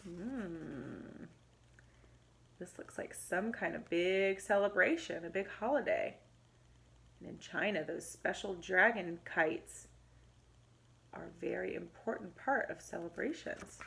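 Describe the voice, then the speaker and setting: A woman's voice: on the low side, creaky. A woman teacher reading a storybook aloud to young children, adding asides. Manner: animated, expressive, pauses to comment.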